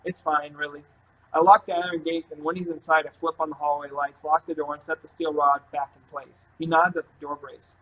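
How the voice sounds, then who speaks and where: A man reading a first-person novel aloud in a calm, even storytelling voice. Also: a little high, brisk, few pauses, slight background noise, low-quality recording. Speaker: audiobook narrator. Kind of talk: first-person audiobook narration.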